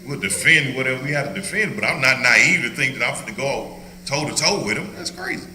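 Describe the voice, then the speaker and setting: Bright-voiced older man teaching Bible study. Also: mid-range voice, a little fast, reverberant, a little hiss or hum, poor audio. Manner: joking, animated, laughs often. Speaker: pastor leading Bible study. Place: church hall.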